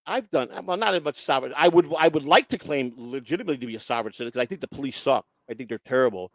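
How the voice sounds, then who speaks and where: Speaking very fast in an expressive, medium-pitched voice on a dry recording, a male guest tells his own story in blunt casual talk. He swears constantly and acts out what other people said.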